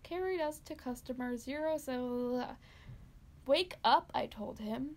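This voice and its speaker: Gravelly woman reading horror aloud. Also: high voice, measured pace. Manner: dramatic reading, laughs between lines. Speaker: podcast co-host.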